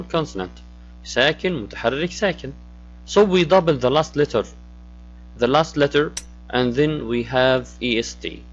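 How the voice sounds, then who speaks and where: Slow-speaking man teaching English grammar. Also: medium pitch, highs cut off. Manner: explains step by step, switches to Arabic glosses, asks questions. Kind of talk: classroom grammar lesson.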